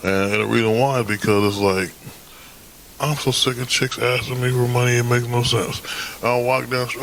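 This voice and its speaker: A man's voice: mid-range voice, steady tone, moderate pace, a little hiss or hum, rough recording. A man hosting his own podcast, rambling through a casual monologue in a blunt, profane way. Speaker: podcast host.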